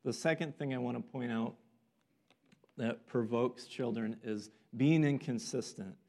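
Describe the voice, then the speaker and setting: A man's voice: mid-range voice, measured pace, a little mellow. A man preaching a sermon earnestly, acting out the voices of people in a story. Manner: earnest, acts out quoted voices.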